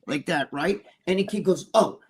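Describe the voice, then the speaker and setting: An older man co-hosting a podcast, telling a story in a profane, animated way and laughing as he goes. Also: fairly high pitch, brisk, husky. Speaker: podcast co-host. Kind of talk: casual storytelling chat.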